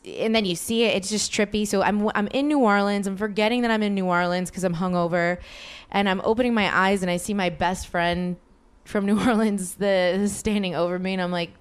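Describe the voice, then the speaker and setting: Chatty woman podcaster with a smooth voice. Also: medium pitch. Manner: chatty, rambling, heavy use of fillers and swearing. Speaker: podcast host. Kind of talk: casual storytelling monologue.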